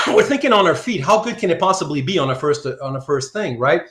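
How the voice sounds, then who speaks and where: During a live online philosophy lecture from Surrey, Canada, a man talks fairly quickly in an expressive, slightly high voice, with a roomy sound and some background noise. His style is casual: he reads student comments out loud and checks in with "right?" constantly.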